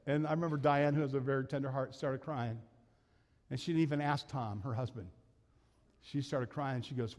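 A man's voice: medium pitch, steady tone, normal speed, a little mellow, long reverb tail. A man preaching a sermon as pastor, telling personal stories in a conversational, self-deprecating way, laughing often. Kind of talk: sermon storytelling. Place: church sanctuary.

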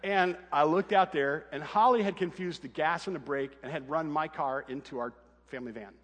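A middle-aged pastor with a somewhat high voice tells a funny family story during a sermon, speaking at a normal pace. He's animated and acts out the different voices in the quotes, and the recording carries the sound of a big room.

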